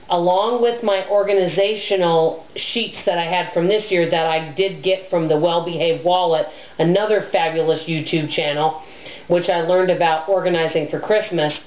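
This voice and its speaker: A middle-aged woman with a loud, abrasive voice, chatting to camera in a rambling, self-deprecating way as a personal finance vlogger. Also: lowish voice. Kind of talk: casual chat to camera. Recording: echoey room, dull lo-fi sound.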